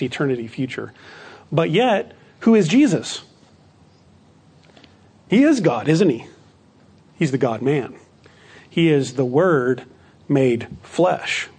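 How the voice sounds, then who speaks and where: A man's voice: medium pitch, lively intonation, slow, pauses often, darkish tone, slightly rough. A man preaching a sermon, earnest and often asking rhetorical questions for agreement. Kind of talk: sermon or Bible teaching.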